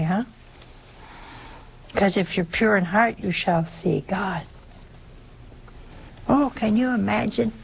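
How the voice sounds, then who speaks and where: A woman preaching a sermon in an animated way, with many rhetorical questions and little acted-out exchanges. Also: medium pitch, gravelly, slight background noise.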